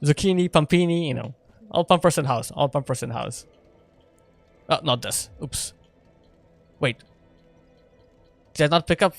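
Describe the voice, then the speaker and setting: A man's voice: fairly high pitch, measured pace, gravelly, long pauses, faint music behind. A man streaming a video game in casual chat, playful and laughing often as he talks with his viewers. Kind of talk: casual live gameplay chat.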